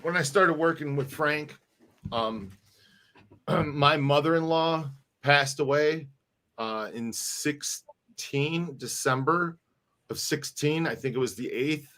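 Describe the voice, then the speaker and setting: A man's voice: on the high side, takes it slowly, sharp tone. A middle-aged man co-hosting a casual live-stream chat, rambling and often restarting his sentences. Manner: rambling, restarts and repeats words. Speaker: podcast co-host.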